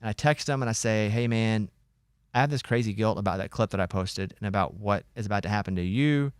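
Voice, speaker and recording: A man hosting a radio talk show, telling a long story in a lively casual way and acting out what others said. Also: on the low side, a little fast, smooth, dry recording, studio quality. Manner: animated storyteller, acts out quoted voices.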